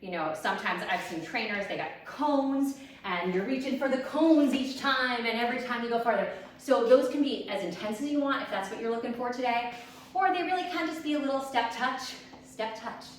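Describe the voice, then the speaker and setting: A woman's voice: a little high, lively intonation, a little fast, a little hiss or hum. A woman fitness instructor leading a workout, upbeat and out of breath as she counts reps and coaches. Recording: echoey room, distant mic.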